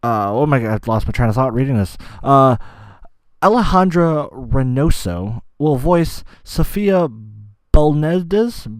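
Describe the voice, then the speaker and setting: Brief: male podcast host, mid-pitched, rambling and profane, close dry mic. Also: lively intonation, unhurried, dry recording. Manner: rambling, swears a lot, loses his train of thought. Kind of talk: casual solo gaming podcast.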